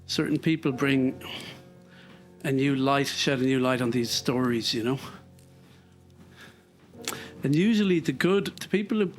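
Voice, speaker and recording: Irish guy musing out loud on his treadmill, meandering and thoughtful, soft music under him. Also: mid-range voice, a little slow, pauses often. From Ireland. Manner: reflective, rambling, with many fillers. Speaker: podcaster walking a treadmill. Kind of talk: casual thinking-aloud monologue.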